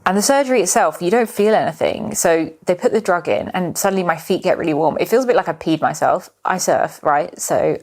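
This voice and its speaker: A woman's voice: lowish voice, brisk, hardly any pauses, a little mellow. A young woman from the United Kingdom hosting a podcast, telling a personal story in a candid, chatty way, swearing freely and filling with "like". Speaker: podcast host. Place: indoors, filming herself.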